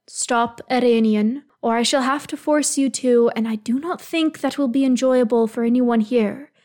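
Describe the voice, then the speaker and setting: A woman's voice: fairly high pitch, darkish tone, lightly acted. Woman voicing a stern, caring elf lord. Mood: firm, stern. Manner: measured, formal, firm then soothing.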